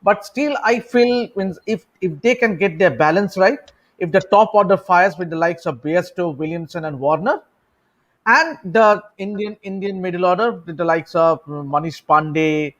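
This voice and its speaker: High-voiced man, hesitant cricket talk. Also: moderate pace, a bit bright, highs cut off. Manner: hesitant, repeats words as he starts. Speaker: cricket show co-host. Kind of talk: casual cricket chat.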